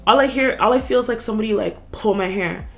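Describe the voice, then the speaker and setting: A young woman co-hosting a podcast, telling an animated story in casual chat, full of "like" and swearing. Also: medium pitch, quick pace, faint music behind. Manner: animated storytelling, swears a lot, heavy filler "like".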